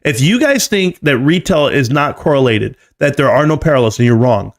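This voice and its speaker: A man's voice: medium pitch, animated, normal speed. A man giving live stream market commentary, emphatic and lecturing, often repeating key numbers. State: coughing, choked up.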